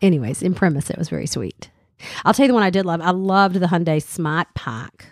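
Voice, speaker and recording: A woman's voice: fairly low pitch, animated, fairly quick, darkish tone, dry recording, studio quality. A middle-aged woman with a Southern US accent, co-hosting a radio show in casual, chatty talk full of fillers and restarts. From American South. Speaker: radio co-host. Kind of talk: casual chat.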